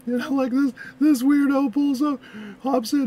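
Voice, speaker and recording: A young woman with a high, bright voice talks casually to her audience while reacting to videos. She laughs often and wanders into animated, rambling stories. A faint hiss sits under her voice. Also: normal speed.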